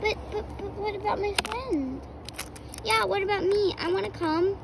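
A child voicing a curious, excitable young male horse in a toy horse play story, talking in a lively, squealing way. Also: very high voice, moderate pace, vocal fry, noisy background, pitched above the performer's own voice. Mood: pleading.

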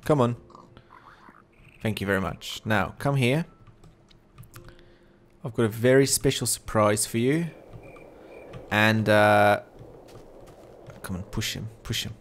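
Slow low-voiced man narrating gameplay. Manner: chatty, coaxing in-game animals, easily exasperated. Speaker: gameplay commentator. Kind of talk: let's play commentary.

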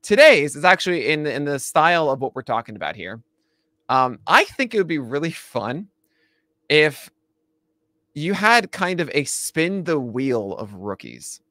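A man co-hosting a casual baseball chat show, animated, laughing often and restarting his sentences. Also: on the high side, measured pace, dry recording. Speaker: podcast co-host.

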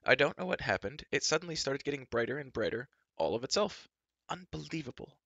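Man voicing an excitable young prince, gushing, higher and brighter than the narration. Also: brisk, vocal fry, no echo, dull audio, full character voice. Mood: amazed. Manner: breathless, gushing.

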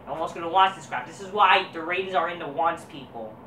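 A woman's voice: lowish voice, fast, pushed and bright, a little hiss or hum. A foul-mouthed woman ranting from across a room. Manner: crude, swearing, dismissive and combative. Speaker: wrestling review vlogger. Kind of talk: profane ranting review. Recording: roomy echo, voice distant from mic.

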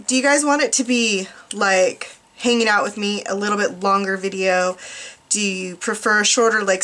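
A woman's voice: mid-range voice, fairly bright tone. A young American woman chatting casually and rambling to viewers while she makes an art journal page at home, often asking them questions. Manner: chatty, self-deprecating, asks viewers questions. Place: small apartment art desk. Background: faint dog noise.

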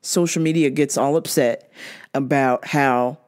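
A woman's voice: a bass voice, fairly even intonation, measured pace, darkish tone. A woman hosting a podcast, ranting bluntly and profanely in a casual monologue, often laughing. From half Jamaican. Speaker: podcast host.

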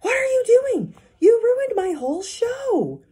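A woman reading aloud voices a showy, easily flustered adult male stage magician with loud, exclaiming patter. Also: fairly high pitch, very animated, moderate pace, voice pushed up. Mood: indignant.

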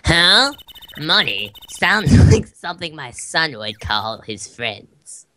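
A man voicing a gruff, husky older woman who is the wife of a crime boss, sneering and bossy, for a game playthrough. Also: a little high, very animated, slow pace, bright, forceful tone, a little hiss or hum, voice pushed up, full character voice. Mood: menacing.

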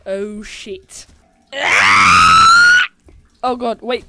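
A woman's voice: medium pitch, measured pace, no room sound, soft background music. A woman narrating a horror survival game as she plays, jumpy and swearing constantly, shrieking at scares. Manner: jumpy, swears a lot, shrieks when startled. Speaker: gaming channel host. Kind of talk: let's play commentary.

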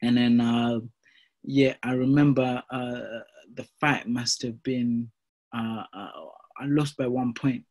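A young professional boxer recounts his career in a relaxed interview, lively and peppered with fillers like "you know" and "mate." His voice sits in the mid range, and he takes it slowly.

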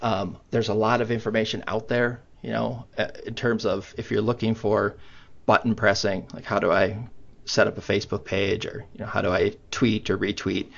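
A man's voice: on the low side, little pitch movement, moderate pace, gravelly. A man presenting a webinar in a conversational way, with lots of fillers. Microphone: computer mic on video call. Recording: muffled online meeting audio.

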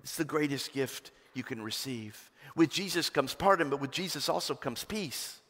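A man's voice: animated, normal speed. Impassioned male pastor in a reverberant sanctuary. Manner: impassioned preaching, swinging between loud emphatic peaks and hushed lows. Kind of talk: sermon. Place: church sanctuary. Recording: long hall reverb.

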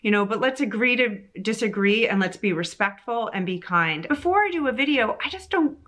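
A bright, somewhat high-pitched woman in her forties talks straight to camera as a veterinary specialist. She is emphatic and exasperated, repeating phrases to drive her points home. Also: expressive, brisk. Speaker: veterinary oncologist vlogger. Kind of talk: frustrated vlog monologue to camera.

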